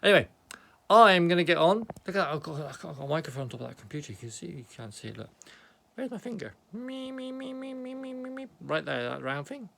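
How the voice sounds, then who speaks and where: An excitable British man shows off his miniatures in a home office, his voice slightly high with a gravelly rasp. He rambles cheerfully, pokes fun at himself and drops quiet muttered asides. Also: fast. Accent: British English. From Britain. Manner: chatty, excitable, self-mocking, often mutters aside. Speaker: hobby miniature painter vlogger. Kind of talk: rambling casual show-and-tell.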